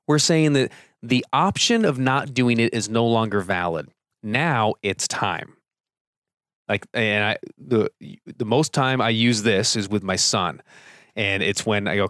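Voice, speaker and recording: A man's voice: medium pitch, animated, measured pace, a bit bright, no room sound, studio quality. A man hosting a solo podcast, explaining ideas in a loose, conversational way and acting out quoted phrases with big jumps in his voice. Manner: conversational, many fillers and asides. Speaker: podcast host. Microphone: close studio microphone.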